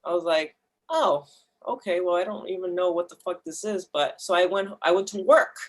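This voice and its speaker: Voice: medium pitch, normal speed. Young adult guest, candid and emotional storytelling, swears freely, mid-range voice. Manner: emotional, swearing, restarts, acts out inner voices.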